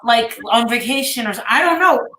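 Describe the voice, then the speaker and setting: A woman's voice: on the high side, animated, brisk, pushed and bright, a little hiss or hum. A woman hosting a casual online chat, rambling and swearing freely as she retells what others said. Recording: echoey room.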